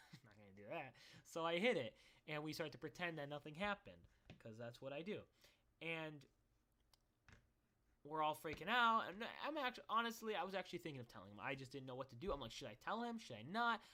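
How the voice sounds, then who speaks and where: Young man, rambling casual storytelling, bright tense voice, slightly high, laughs and fillers. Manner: rambling, animated, laughs often, many fillers. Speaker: vlogger.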